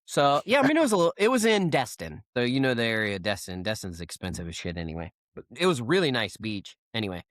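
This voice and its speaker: A man's voice: medium pitch, big pitch swings, fast, a bit bright, dry recording. Man telling rambling stories on a podcast. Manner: rambling storyteller, many fillers and restarts. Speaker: podcast co-host. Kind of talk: casual chat.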